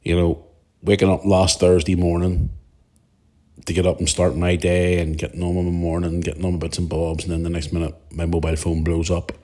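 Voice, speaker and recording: A man's voice: deep voice, dark tone. A man, hosting a podcast in a rambling, emotional monologue that swears freely. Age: 40s. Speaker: podcast host. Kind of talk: casual monologue.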